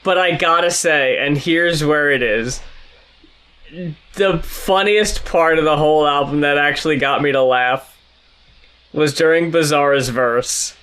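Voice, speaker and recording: A man co-hosting a podcast, chatting about an album in casual conversation with dry, deadpan asides. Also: on the high side, unhurried, clear, resonant tone. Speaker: podcast co-host. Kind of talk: casual album review chat.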